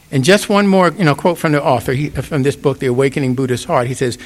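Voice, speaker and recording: A middle-aged man giving an informal Sunday sermon, talking conversationally and often checking in with "you get it?". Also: mid-range voice. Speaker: pastor.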